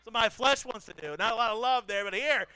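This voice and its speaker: A man's voice: very high-pitched, quick pace, pushed and bright, smooth. A man preaching a sermon as the pastor, telling a family story with self-deprecating humor and repeating phrases for emphasis. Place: church pulpit.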